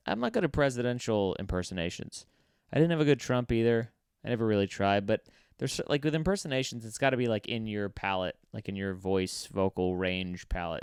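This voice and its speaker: A man's voice: lowish voice, normal speed, smooth, no room sound, clean studio sound. A man hosting his comedy podcast, rambling through a profane, offhand solo monologue. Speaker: podcast host.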